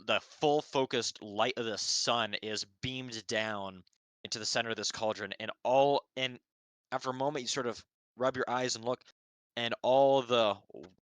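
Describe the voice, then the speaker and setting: A man narrates a fantasy scene as the dungeon master of a live-streamed tabletop game. His voice is bright and crisp. He wanders through fillers and half-finished words as he describes the action. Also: medium pitch, no echo. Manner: rambling with many fillers and restarts. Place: home setup, streamed live.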